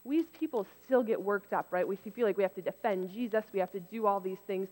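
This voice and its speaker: A woman giving a casual, conversational sermon, turning lively when she acts out what others said. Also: mid-range voice, fast talker. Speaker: preacher. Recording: long reverb in a hall.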